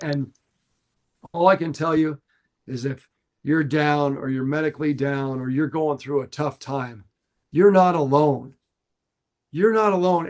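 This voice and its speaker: A middle-aged man, a fishing guide, talking earnestly and warmly on a podcast, repeating phrases for emphasis. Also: a little high. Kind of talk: casual podcast talk.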